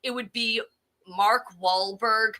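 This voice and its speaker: A woman's voice: fairly high pitch, steady tone, takes it slowly, bright, forceful tone. A woman co-hosting a casual chat show, rambling and laughing between points. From Boston area. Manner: chatty, laughing, rambling asides. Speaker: podcast co-host.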